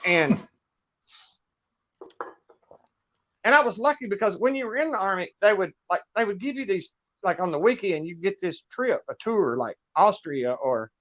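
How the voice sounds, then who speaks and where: A middle-aged Southern man appears as a guest musician in a casual livestream chat, telling rambling stories folksily and laughing often. His voice is high-pitched, expressive and fairly bright at normal speed, with frequent pauses, on lo-fi audio without echo.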